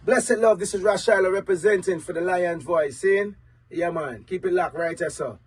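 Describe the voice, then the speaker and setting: A woman doing a slow, sing-song station drop, partly sung. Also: lowish voice, slightly rough, distant mic.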